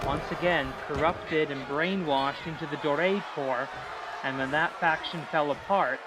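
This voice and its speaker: A man calling a wrestling match as play-by-play commentator, dramatic and hype-building, rising to shouts on big moves. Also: a little high, measured pace, a loud crowd, very noisy. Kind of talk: live-style wrestling commentary.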